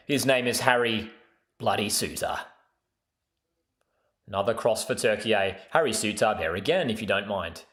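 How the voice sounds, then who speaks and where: A young man talks viewers through a live match, chatty and quick to cheer. His voice sits in the middle of the male range. The room around him is echoey. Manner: casual, excitable, calls the play, bursts into loud high cheers. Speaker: host of a live football watchalong. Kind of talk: excited live match commentary to chat viewers.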